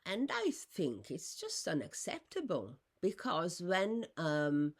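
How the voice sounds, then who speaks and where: A woman talking unscripted about her own life, rambling with fillers and restarts, her voice jumping high when she is indignant. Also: wildly swooping pitch, slow pace. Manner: rises sharply in pitch when indignant. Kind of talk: unscripted personal monologue.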